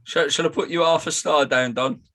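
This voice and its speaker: A man's voice: a little high, fairly even intonation, fairly quick, background noise. A man co-hosting a podcast, teasing and swearing in casual chat. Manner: banterous, teasing, swears freely. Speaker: podcast co-host.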